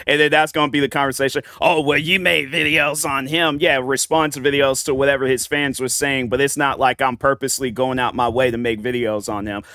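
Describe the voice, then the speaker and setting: Male reaction host, loose and slangy, full of restarts; clean smooth tone, dead-dry room. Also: medium pitch, fairly bright tone, dry recording. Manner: rambling, slangy, lots of restarts. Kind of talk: casual reaction commentary.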